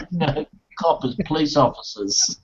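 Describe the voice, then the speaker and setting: A man's voice: lively intonation, takes it slowly, husky. Rambling, swearing male host. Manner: rambling, swearing storyteller, jokey. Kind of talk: casual chat. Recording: muffled low-fidelity audio.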